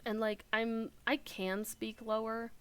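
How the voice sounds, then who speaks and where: Chatty alto woman gaming live, quick asides and self-corrections. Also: fairly high pitch, little pitch movement, clean tone. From outside the UK. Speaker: game streamer. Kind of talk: casual gameplay chat.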